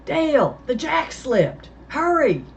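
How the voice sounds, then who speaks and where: Lady doing a frantic young guy pinned under a car, yelling high and loud, muffled recording. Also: big pitch swings, slow pace, gravelly, exaggerated voice. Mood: panicked. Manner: shouting in panic. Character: young man trapped under a car, frantic, shouting for help. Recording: dull lo-fi with faint hiss.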